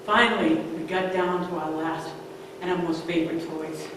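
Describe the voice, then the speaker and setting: Animated woman storyteller in her fifties. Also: on the low side, moderate pace, noisy background. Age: 50s. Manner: animated, swings from hushed to emphatic. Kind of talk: live storytelling performance. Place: stage in a large hall. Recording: echoey hall, far-off mic.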